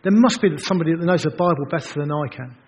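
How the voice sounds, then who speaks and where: A man's voice: fairly high pitch, fast talker, a little mellow, a little hiss or hum, natural voice. A preacher voicing a reluctant, self-doubting man. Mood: pleading. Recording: dull, reverberant hall recording.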